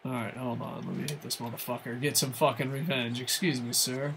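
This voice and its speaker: A man streaming a hockey video game live, swearing often and chatting excitedly with his viewers. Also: medium pitch, fairly quick, creaky, background noise. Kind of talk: live gameplay commentary.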